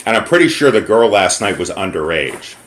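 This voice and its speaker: An American man making an angry complaint call over the phone, emphatic and pausing to choose his words. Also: fairly low pitch, sing-song, fairly bright tone, a little hiss or hum. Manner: indignant, emphatic, pauses to pick words. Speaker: caller reporting to corporate. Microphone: phone call recording.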